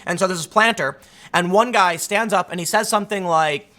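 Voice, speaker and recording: A man's voice: high voice, brisk, sharp tone. A man hosting solo political commentary, talking emphatically and arguing his point. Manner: emphatic, argumentative, acts out quotes in other voices.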